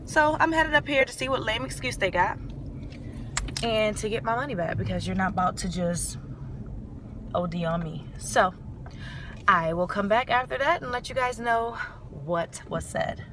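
A woman's voice: mid-range voice, moderate pace, pauses often, noisy background. A young woman, telling a story in a casual, emphatic vlog while walking outdoors on a city street with a handheld phone camera. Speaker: vlogger.

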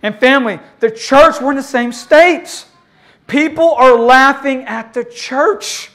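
Impassioned preacher, loud cries and hushes. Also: high-pitched, slow pace. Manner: call-and-response with the congregation. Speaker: pastor. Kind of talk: sermon.

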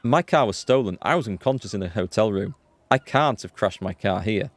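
A man's voice: fairly low pitch, expressive, brisk, no echo. A man hosting a let's play, chatty and self-mocking, often exclaiming as he reacts to the game. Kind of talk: gameplay commentary.

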